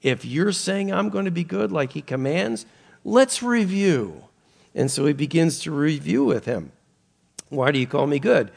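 A pastor with a slightly high voice and vocal fry preaches a sermon. He reads scripture and explains it with earnest emphasis that rises and falls.

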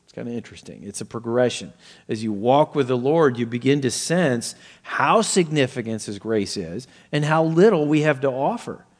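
Earnest preacher in an echoing hall. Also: male voice, medium pitch, expressive. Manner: earnest, measured teaching with hesitations and fillers. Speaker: pastor. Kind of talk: sermon.

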